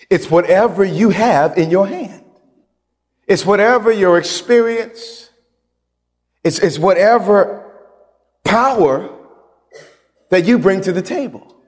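A man preaching a sermon as pastor, emphatic and folksy, repeating phrases and swinging between loud and quiet. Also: high voice, slow, pauses often, long reverb tail.

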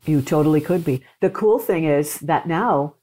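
A woman talking as a podcast guest, passionate and expressive, explaining her ideas with lively storytelling. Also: low voice, normal speed. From not from Texas, now living there. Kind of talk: casual podcast conversation.

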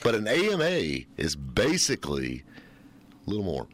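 A man's voice: deep voice, normal speed, slight background noise. A man hosting a radio show, telling stories in a joking, laughing way. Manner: joking, laughing often, animated storytelling. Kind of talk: casual radio banter.

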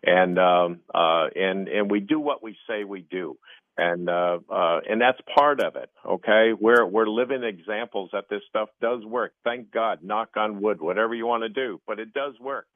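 A man's voice: fairly low pitch, normal speed, no echo. A man co-hosting a radio health show, talking earnestly and rambling with lots of fillers. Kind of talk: casual radio talk. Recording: tinny phone-like radio audio.

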